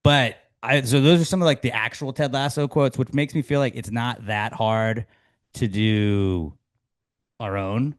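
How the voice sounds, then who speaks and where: A man co-hosting a casual podcast chat, jumping up in pitch when he quotes punchy sayings. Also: measured pace. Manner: animated, jumps higher when quoting punchy sayings. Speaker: podcast co-host.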